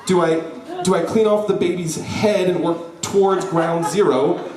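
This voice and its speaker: A man's voice: a little slow, crowd noise. A man voicing a panicking man changing his first diaper, frantic and pleading with himself in a stage story. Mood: flustered. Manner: frantic, shouting in high panic. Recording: roomy hall, voice from a distance.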